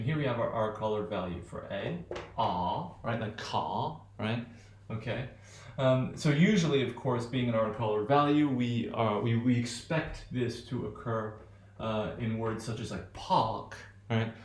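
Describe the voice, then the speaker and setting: Casting: male pronunciation teacher, mid-pitched, loose rambling lecture, reverberant room. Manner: thinks aloud with many fillers and "right?" tags. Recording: echoey room.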